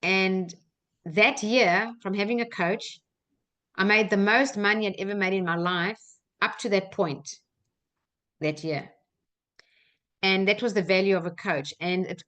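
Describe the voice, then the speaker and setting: A woman's voice: mid-range voice, a bit bright. A middle-aged woman with an Australian accent, hosting a personal development webinar and telling stories in an earnest way with frequent fillers. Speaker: coach and webinar host.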